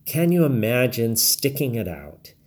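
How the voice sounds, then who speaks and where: A man reading his blog post aloud, giving calm, measured advice and quoting imagined dialogue. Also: mid-range voice. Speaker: blog narrator.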